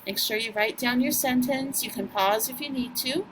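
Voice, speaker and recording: A woman teacher giving a recorded vocabulary lesson to students, speaking patiently and encouragingly and sounding words out slowly. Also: on the high side, background noise.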